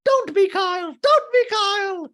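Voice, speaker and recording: Man putting on a squealing reality-TV woman, very high, loud, emphatic, repetitive. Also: lively intonation, measured pace, heavily acted. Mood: shrill indignant. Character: shrill indignant reality-TV woman.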